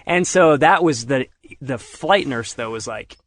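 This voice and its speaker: A man's voice: medium pitch, a little slow, a little hiss or hum. A middle-aged man telling a story in casual conversation, acting out what other people said. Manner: animated retelling, acts out others' lines. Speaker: podcast guest.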